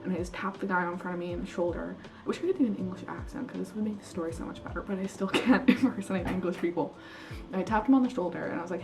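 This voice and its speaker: A young Canadian woman, an international student vlogger, tells stories in a chatty way packed with "like" and other fillers. Her voice is lowish with vocal fry and she talks at a racing pace. She's far from the mic, with faint music behind and poor audio quality.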